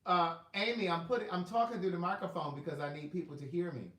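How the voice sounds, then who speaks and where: A man's voice: fairly high pitch, animated, fast. A man with a Southern US accent hosting a casual live stream, rambling and talking to viewers by name while checking his phone. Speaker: livestream host selling books. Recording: echoey room.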